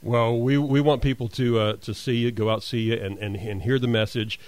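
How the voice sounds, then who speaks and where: A man's voice: medium pitch, steady tone, fairly quick, darkish tone, dry recording. A male radio host interviewing a guest, mostly giving short replies and reading out show times. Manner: brief affirming replies, reads out show times.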